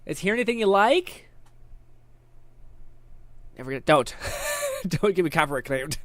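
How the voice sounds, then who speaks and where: A man's voice: sits high, wildly swooping pitch, a little slow, fairly bright tone, no echo. Giggly male streamer thinking aloud. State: sweaty and tired after a long stream. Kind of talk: casual live-stream chat.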